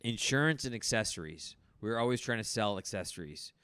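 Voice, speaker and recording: A man's voice: lowish voice, animated, fairly quick, a bit bright, smooth, no echo. A man born in the United States, hosting a podcast, telling comedic stories in casual chat and laughing mid-sentence. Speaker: podcast host.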